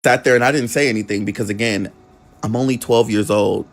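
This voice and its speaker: A man's voice: on the low side, fairly even intonation, a little fast. A man telling a personal story in a casual vlog, candid and conversational with frequent swearing.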